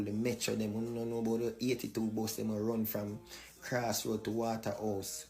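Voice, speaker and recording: A man's voice: lowish voice, completely flat delivery, moderate pace, darkish tone. A man from Jamaica with a Jamaican accent, lecturing insistently to camera in patois and listing things one after another. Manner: repetitive, insistent list-making. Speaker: social media commenter. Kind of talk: ranting monologue to camera.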